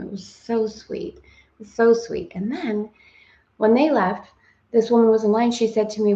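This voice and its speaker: A woman in her forties hosting a live stream, chatting warmly and effusively with viewers, greeting them by name and laughing often as she tells stories. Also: on the high side, moderate pace. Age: 40s. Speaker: host of a live spiritual study stream. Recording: roomy, slightly dull live-stream sound.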